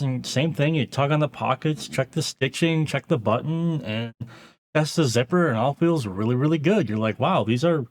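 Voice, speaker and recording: Casual man telling a story. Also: medium pitch. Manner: conversational, acts out inner thoughts in a muttered aside voice; frequent fillers and restarts, casual swearing. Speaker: audio engineer and YouTube host.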